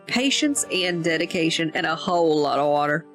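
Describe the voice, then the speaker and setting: A woman's voice: sits low, animated, normal speed, a bit bright, faint music behind. A woman doing a folksy old farmer. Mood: plain folksy. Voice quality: folksy, plain-spoken. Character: gruff older mountain man farmer, blunt.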